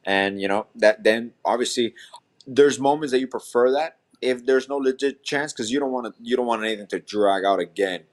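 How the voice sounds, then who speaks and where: A man's voice: mid-range voice, brisk. A man co-hosting a sports podcast, giving casual, somewhat hesitant analysis with many fillers. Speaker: podcast co-host. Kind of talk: casual chat.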